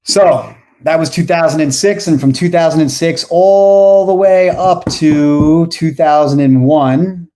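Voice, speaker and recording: A man in his forties, appearing as a podcast guest, tells a long, rambling story and keeps correcting himself. His voice is fairly high and unhurried, with few pauses, and his anecdotes come out animated and casual.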